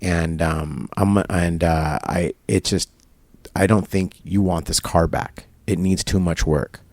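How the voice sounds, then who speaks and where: A low-voiced man recounts a frustrating ordeal to an interviewer, slipping into quoted voices and laughing as he goes. The sound is close and dry, recorded in a barber shop. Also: takes it slowly, no room sound. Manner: animated retelling with quoted dialogue and laughs. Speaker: interview guest. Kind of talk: storytelling in casual conversation.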